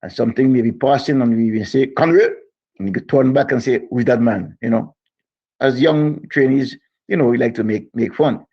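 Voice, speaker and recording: A man's voice: mid-range voice, brisk, breathy edge. A man with a Guyanese accent leaving a phone voice note, rambling and anecdotal in his memories, with many fillers, on a dull lo-fi recording. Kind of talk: reminiscing condolence message.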